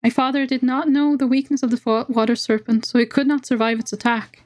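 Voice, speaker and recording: A woman voicing an impatient, bitter elf sorceress in a game, with a squeaky, haughty, curt manner. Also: steady tone, a little fast, darkish tone, no echo, natural voice. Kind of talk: character voice in a narrated game.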